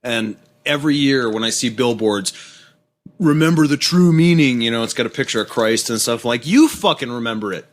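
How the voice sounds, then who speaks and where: A man co-hosting a podcast in casual chat, animated and swearing, laughing often. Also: mid-range voice, fairly quick, few pauses. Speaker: podcast co-host.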